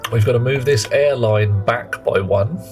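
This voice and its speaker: His voice is mid-range with a darkish tone, and he speaks a little slowly as soft music plays underneath. The British man is live-streaming a game, chatting playfully with his viewers, greeting chat and thinking aloud.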